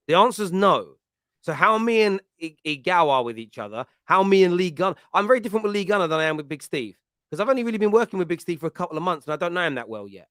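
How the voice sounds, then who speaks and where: A man with an East London accent, hosting a fan podcast and answering chat comments in an animated, chatty way, laughing often and restarting his sentences. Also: fairly high pitch, no room sound, studio quality. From East London, England. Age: adult with a school-age child.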